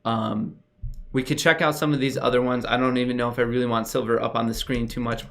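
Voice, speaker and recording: Young guy on a livestream, hyped and gushing, chatting straight to viewers, normal mid pitch. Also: fast. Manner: excitable, gushing, talks to chat directly. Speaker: livestream host. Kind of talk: casual livestream chat.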